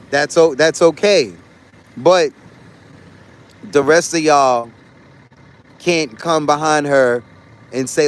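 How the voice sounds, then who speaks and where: On a casual livestream, a man with a somewhat high voice rants bluntly at his chat from a car or a city street. He swears freely and drives his points home by repeating them, speaking at a measured pace with frequent pauses.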